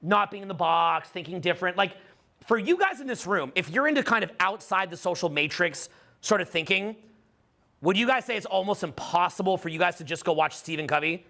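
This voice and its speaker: Man, middle-aged, high voice, bright tone, emphatic seminar talk, repeats himself. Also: expressive, brisk, gravelly. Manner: emphatic, repeats phrases, many fillers. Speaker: dating coach speaking to a live audience.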